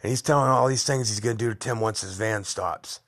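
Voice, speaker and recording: This middle-aged man's voice sits fairly low, moves fairly quickly and sounds a bit bright. He hosts a podcast, spinning blunt, rambling tales of his younger days with a tough-guy swagger in an easygoing monologue.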